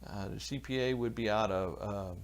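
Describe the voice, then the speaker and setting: Chatty pastor livestreaming alone. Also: male voice, fairly low pitch, moderate pace. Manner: rambling, chatty, answers viewers by name. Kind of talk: casual livestream Bible talk reading chat. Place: church, alone.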